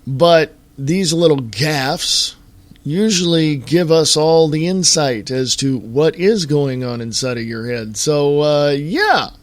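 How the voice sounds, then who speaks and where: A man hosting his own podcast, ranting about the news in an exasperated, drawn-out way and sighing now and then. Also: a little high, animated, no room sound. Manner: exasperated ranting, drawn-out deliberate delivery with sighs. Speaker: podcast host. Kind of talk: opinionated solo podcast commentary.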